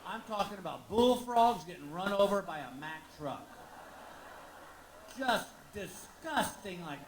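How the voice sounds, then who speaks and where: A middle-aged man telling a stand-up comedy story on a live stage, animated and acting out the people he quotes. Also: a little slow. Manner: animated, acts out quoted people, leaps high when exclaiming. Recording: roomy live venue with audience noise.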